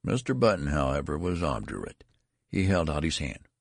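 A very deep-voiced man reading a story aloud, measured and wry. His voice is gravelly with a husky edge, and his pitch moves in a lively way. The recording is dry and close. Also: no room sound. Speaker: narrator.

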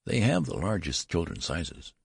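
A man voicing a fussy, curious shop clerk with a brisk, polite manner. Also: deep voice, huge pitch swings, vocal fry, slightly rough, no echo, studio quality, exaggerated voice.

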